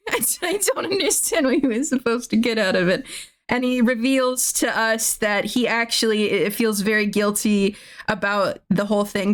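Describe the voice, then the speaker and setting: A woman streamer casually recapping a movie plot, rambling with restarts, swearing and laughing at her own jokes. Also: medium pitch.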